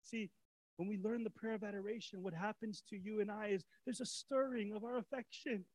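High-voiced animated male preacher. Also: a little fast, dry recording, low-quality recording. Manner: animated, swings from soft to shouting; casual preacher's talk with fillers and repeats. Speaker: pastor. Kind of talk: sermon.

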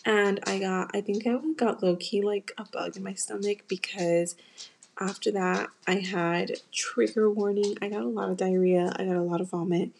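In a creaky, darkish, medium-pitched voice with fairly even intonation and normal speed, a young woman from the US hosts her podcast. She tells a personal story in a casual confessional manner, candid and emotional, talking straight to listeners. A little hiss or hum sits under the audio.

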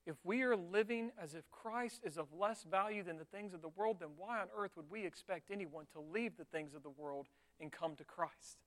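A man's voice: high voice, normal speed, hardly any pauses. A man preaching a sermon as pastor, talking conversationally and often checking in with his listeners with rhetorical tags. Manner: conversational, with frequent rhetorical tags and animated retellings.

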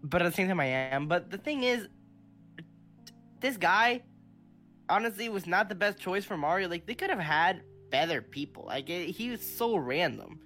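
A young podcast co-host chatting casually, excitable and quick to laugh. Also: mid-range voice, faint music behind. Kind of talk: casual chat.

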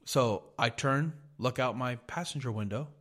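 A man's voice: mid-range voice, moderate pace, fairly bright tone. A man hosting a podcast, telling a heated, profanity-filled story in a casual rant. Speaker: podcast host.

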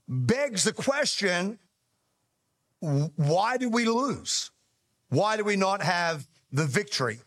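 Male pastor preaching, kinda high voice, animated storyteller, restarts a lot. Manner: animated storytelling, self-deprecating humor, frequent restarts. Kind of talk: sermon.

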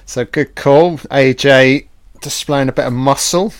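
A man giving a casual, profane audio commentary on a film, reacting excitedly as he watches. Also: mid-range voice, unhurried, no echo, clean studio sound.

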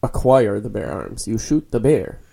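A man in his thirties co-hosting a casual podcast, tossing off dry deadpan one-liners and swearing. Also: fairly low pitch, normal speed, gravelly, breathy edge. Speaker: podcast co-host. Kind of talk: casual joking chat.

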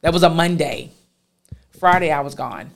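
A woman, a guest telling a personal story in an animated way, acting out what others said. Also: low-pitched, normal speed, creaky, slight background noise. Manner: animated, quotes others with lively voices.

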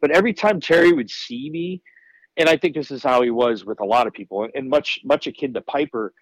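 A man's voice: mid-range voice, fairly quick, no echo, rough recording. A man guesting on a podcast, telling candid, profane stories in a casual way. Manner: candid, profane, animated storyteller. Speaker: wrestler guest. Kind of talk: casual storytelling.

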